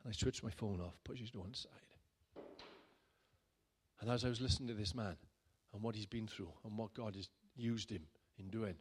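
A man, a pastor, telling a personal story in a sermon in a chatty way that builds to loud, emphatic bursts. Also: fairly low pitch, normal speed, slightly rough. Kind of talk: sermon testimony.

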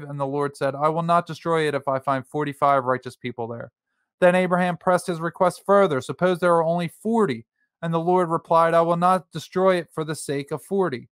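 A man reads scripture aloud in a steady, plain way, now and then stopping for a quick aside. His voice sits a little high and comes across smooth and clear. The sound is dry and close. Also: dry recording. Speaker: Bible study reader. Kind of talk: reading scripture aloud and discussing.

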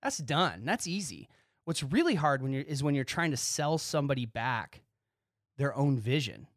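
A man hosting his own podcast, talking excitedly in a casual monologue and acting out quick bits of dialogue. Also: medium pitch, dry recording, studio quality. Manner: excitable, animated, talks with his hands in quoted dialogue. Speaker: podcast host.

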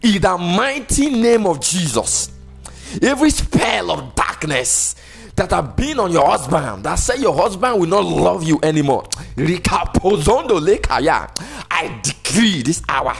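Nigerian pastor chanting fervent decrees. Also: male voice, high-pitched, sing-song, unhurried, gravelly, breathy edge, faint music behind. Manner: chanting, sing-song prayer declarations; emphatic, repetitive decrees. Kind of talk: sermon and fervent prayer.

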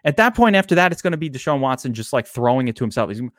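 Animated, ranting fantasy football podcast man. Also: mid-range voice, racing, dry recording, clean studio sound. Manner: animated, ranting, swears freely. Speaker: podcast co-host. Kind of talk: casual sports podcast debate.

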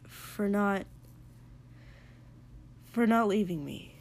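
A woman's voice: medium pitch, fairly even intonation, creaky. A woman voicing a reserved, aloof young man. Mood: quiet halting. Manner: curt, then quiet and halting.

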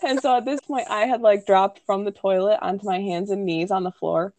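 A woman's voice: mid-range voice, steady tone, a little fast, a little mellow, no echo. A young woman casually telling a personal story in a chatty way, full of fillers, now and then acting out what people said. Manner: chatty, many "like" and "um" fillers, acts out quoted lines. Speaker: podcast co-host telling her birth story.

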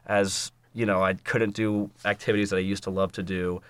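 A man's voice: lowish voice, level tone, normal speed, fairly bright tone, clean tone, no echo. A young man, a podcast guest, telling a story in casual chat, swearing freely and acting out what people said. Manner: swearing storyteller, acts out quotes.

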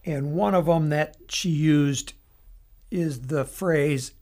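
Solo podcast host, mid-pitched, chatty and explanatory, often restarting sentences. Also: takes it slowly, darkish tone. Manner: explanatory, loose, with restarts and asides. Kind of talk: casual solo podcast analysis.

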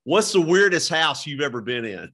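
A middle-aged man hosting a casual interview, talking haltingly with many restarts and "you know"s. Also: a little high, sing-song, a bit bright. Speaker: podcast host.

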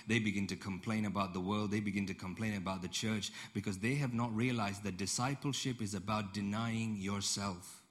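A man preaching a sermon in a conversational storytelling way, repeating phrases and putting questions to the congregation. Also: on the low side. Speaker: pastor.

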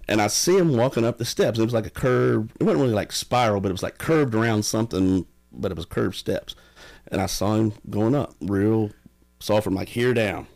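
A man casually telling stories, animated and often laughing. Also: lowish voice, vocal fry. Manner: animated, laughing, drawling storyteller. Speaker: podcast guest. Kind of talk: casual storytelling.

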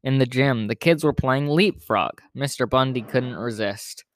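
A man reads a children's story aloud with steady, plain storybook pacing. His mid-pitched voice is recorded close and dry, with no room sound behind it. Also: measured pace, no room sound.

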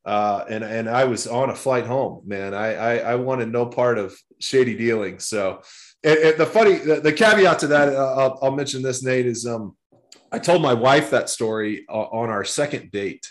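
A man in his forties from Texas, USA, guests in a casual interview, telling long, rambling stories with repeated words and frequent restarts. His voice is medium in pitch and moderately paced.

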